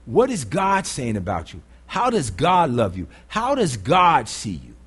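A pastor preaching a sermon in a blunt, conversational way, often putting rhetorical questions to the congregation. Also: male voice, medium pitch, huge pitch swings, unhurried, fairly bright tone, husky. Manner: blunt, earthy phrasing.

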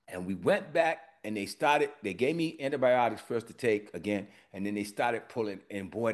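A man preaching a sermon, telling a personal story and swinging from quiet asides to loud emphatic lines. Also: medium pitch. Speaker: pastor.

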